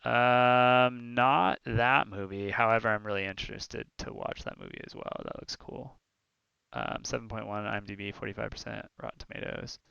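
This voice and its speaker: A man's voice: fairly low pitch, moderate pace, gravelly, clear, resonant tone, dry recording, highs cut off. A young man co-hosting a streamed talk show, chatting casually and rambling through stories with lots of fillers. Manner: rambling, animated storytelling with many fillers. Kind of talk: casual chat.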